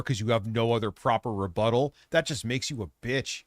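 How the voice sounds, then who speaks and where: A male streamer rants into a desk mic with constant swearing and a combative edge. His voice sits at an ordinary middle pitch. The sound is close and dry. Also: brisk, no echo. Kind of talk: profane live-stream rant.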